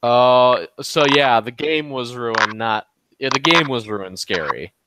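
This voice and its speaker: A man's voice: medium pitch, lively intonation, slow, very noisy. A man co-hosting a podcast, chatting casually and reacting in brief, laid-back remarks. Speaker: podcast co-host. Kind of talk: casual chat.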